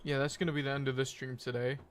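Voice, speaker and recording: A man's voice: mid-range voice, level tone, quick pace, slight background noise. A young man streaming, wrapping up a game session in a rambling, laid-back chat with his viewers, full of fillers and self-corrections.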